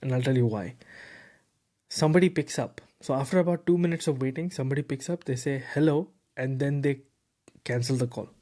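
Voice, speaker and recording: A man hosting a tech podcast, telling a story in a lively, casual way with lots of fillers and repeated words. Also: medium pitch, fairly quick. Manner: animated, repeats words, heavy fillers like "bro" and "you know". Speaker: podcast host.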